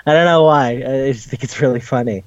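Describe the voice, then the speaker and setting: A man's voice: mid-range voice, fairly quick, no room sound, lo-fi sound. A man casually retelling a cartoon episode, swearing, laughing and jumping into the characters' voices. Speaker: podcast host. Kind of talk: casual recap chat.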